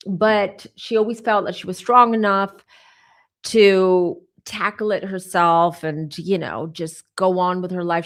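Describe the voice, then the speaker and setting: Emotional woman giving a psychic reading. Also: mid-range voice. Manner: emotional, conversational, many fillers and asides. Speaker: tarot reader.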